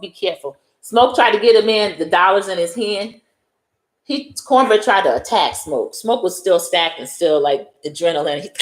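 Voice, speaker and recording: A woman with a New York accent retelling a movie scene by scene in casual chat, acting out the characters' lines as she goes. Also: deep voice. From United States. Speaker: host. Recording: echoey room.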